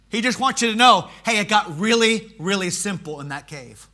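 A male pastor preaching a sermon in church, swinging from shouted swells to hushed, quiet lines. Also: high voice, fairly quick, hardly any pauses.

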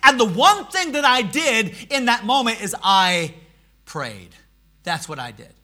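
A male pastor preaching a sermon in church, swinging from shouted swells to hushed, quiet lines. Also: sits high, big pitch swings, a little slow.

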